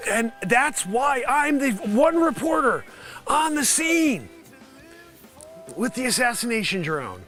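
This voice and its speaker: A man hosts his daily stream with a comic mock news report. His voice is high and bright, with faint music underneath. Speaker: host of a daily livestream. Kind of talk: comedic livestream monologue.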